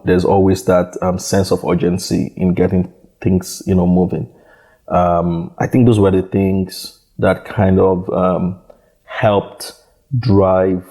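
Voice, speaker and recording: A man, a startup founder from Nigeria, talks in a halting, conversational interview, full of repeated words and "you know" fillers. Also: low voice, vocal fry, mellow.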